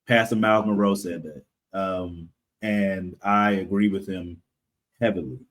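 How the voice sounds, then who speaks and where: Low-voiced man, casual guest. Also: fairly even intonation, unhurried, fairly bright tone. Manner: rambling, laughs often, many fillers. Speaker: comic creator guest. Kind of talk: casual podcast interview.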